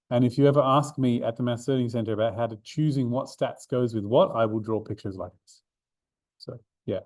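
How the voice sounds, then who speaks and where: A man's voice: mid-range voice, warm tone, no echo. A man, a maths learning centre coordinator, explains a revision seminar step by step with fillers and restarts. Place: room, drawing notes for an overhead camera.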